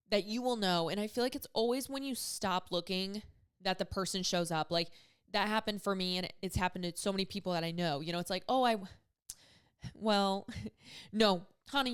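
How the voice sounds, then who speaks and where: Woman in her thirties, podcast host, smooth and clear tone, candid chatty advice-giver who swears casually. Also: medium pitch, brisk. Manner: candid, chatty, heavy use of "like", swears freely.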